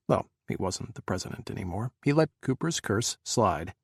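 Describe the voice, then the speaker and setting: A man narrating an audiobook in a measured, dramatic way. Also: fairly low pitch, very animated, creaky, husky, no echo, studio quality. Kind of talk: scripted narration.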